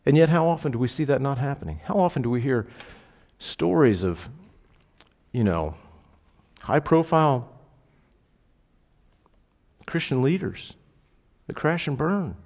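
Male pastor preaching, mid-pitched voice, goes quiet then builds up big, echoey hall sound. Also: expressive, measured pace, pauses often. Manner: swings between hushed reflection and rising fervent exhortation. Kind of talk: sermon. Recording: long hall reverb.

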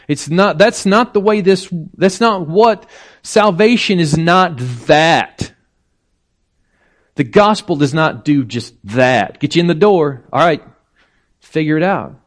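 A man preaching a sermon, slow and deliberate, rising in pitch for emphasis. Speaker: pastor.

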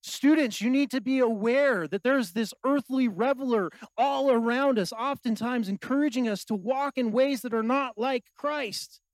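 A man preaching a sermon, asking the congregation questions and swinging between loud exhortation and quiet asides. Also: very high voice, moderate pace, few pauses, no room sound, poor audio. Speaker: pastor.

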